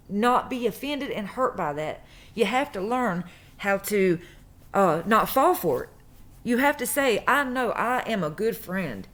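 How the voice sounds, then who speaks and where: A woman's voice: medium pitch, fairly bright tone. Woman, mid-range voice, emphatic casual storyteller. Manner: emphatic, repeats phrases for stress. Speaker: true crime vlogger.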